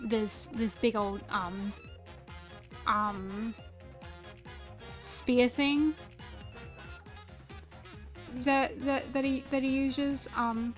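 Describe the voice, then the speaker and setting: A woman's voice: fairly high pitch, steady tone, very slow, pauses often, faint music behind. A young woman streamer chatting casually and gushing about favorite characters, stammering and repeating words often.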